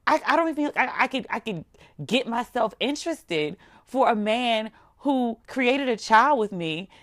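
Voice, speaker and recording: A woman's voice: a little high, a little slow. Sassy woman recapping TV. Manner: sassy, blunt, animated with mock quotes. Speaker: TV recap vlogger. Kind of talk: casual comedic TV recap.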